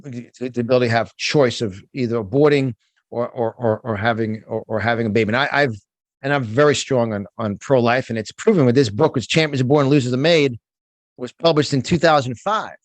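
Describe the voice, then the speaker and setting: A man's voice: medium pitch, brisk, no echo. A middle-aged man with a New York accent, speaking as a guest in an interview, emphatic and fired up, often restarting his words. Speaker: guest, motivational speaker and business coach. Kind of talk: passionate conversational interview.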